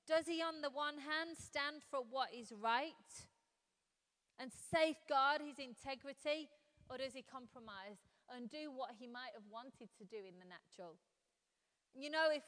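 High-voiced woman preaching in a hall. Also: fairly bright tone. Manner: conversational preaching with rhetorical questions. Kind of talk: sermon. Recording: long reverb in a hall.

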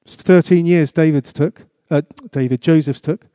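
A man's voice: fairly high pitch, normal speed, dark tone, dry recording, studio quality. A man preaching a sermon as pastor, asking the congregation questions and repeating his exhortations.

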